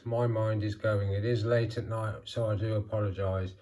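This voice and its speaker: A middle-aged man calmly narrating a vlog as he poses action figures, talking half to himself. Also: fairly low pitch. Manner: calm, unhurried, talking to himself. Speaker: toy figure channel host. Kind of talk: casual vlog narration while posing figures.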